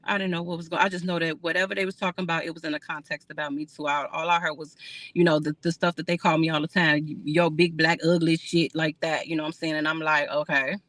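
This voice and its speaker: A woman talking straight to her livestream viewers in a bright, pointed voice. She is candid and rambling, swears freely and laughs often. The sound is close and dry. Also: low-pitched, flat delivery, quick pace, no room sound. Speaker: livestream host. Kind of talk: casual livestream chat with viewers.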